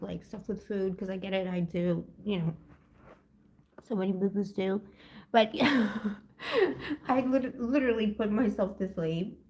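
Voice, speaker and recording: A woman's voice: medium pitch, a little mellow. A woman hosting a live tarot stream, chatting casually and rambling from topic to topic with lots of "like" and "you know," often laughing. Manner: rambling and giggly, jumps between topics; heavy use of "like" and "you know". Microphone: built-in device mic, no separate mic.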